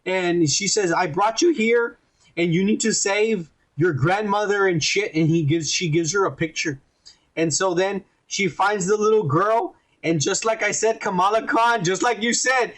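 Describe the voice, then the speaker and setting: High-voiced man recapping with profanity. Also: unhurried. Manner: profane, rambling, animated retelling with quoted voices. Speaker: podcast host reviewing a TV episode. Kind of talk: casual podcast recap.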